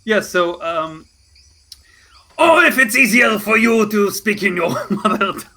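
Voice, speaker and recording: A man talks as a player in a tabletop role-playing session, loose and jokey, with an occasional swear word. His voice sits a little high and sounds bright and crisp. A faint hiss of noise lies under the recording. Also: animated, unhurried. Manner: laughing, swearing, casual banter. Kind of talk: casual chat at a tabletop game.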